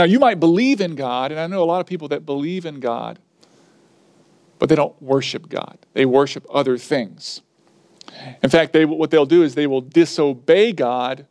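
A man's voice: fairly high pitch, a little mellow, no echo, clean studio sound. A man preaching a sermon, stressing key points and repeating his lines for emphasis.

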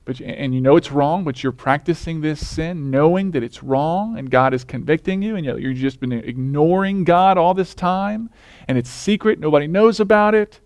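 A man's voice: on the high side, moderate pace, a little mellow, dry recording. A male pastor preaching a sermon in a conversational way, often putting questions to the congregation.

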